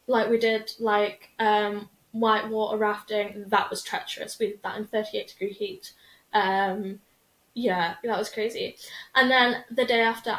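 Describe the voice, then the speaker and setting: A young woman, hosting a podcast in a rambling, chatty way full of fillers. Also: on the high side. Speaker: podcast host. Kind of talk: casual chat. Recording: echoey room.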